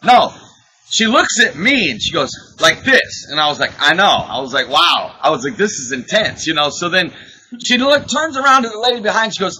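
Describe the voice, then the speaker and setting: A man hosting a podcast, telling a story in a casual, excitable way, acting out what people said and laughing often. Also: high voice, normal speed, poor audio. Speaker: podcast host. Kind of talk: casual chat, animated storytelling.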